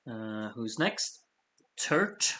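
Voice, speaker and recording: A man's voice: medium pitch, sing-song, drawn-out words, pushed and bright. Hiccuping man reading out vote scores. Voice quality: throat-clearing and sighing. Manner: chatty, apologetic asides between score readouts. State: has the hiccups. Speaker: host reading out fan votes. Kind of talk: casual live-stream commentary.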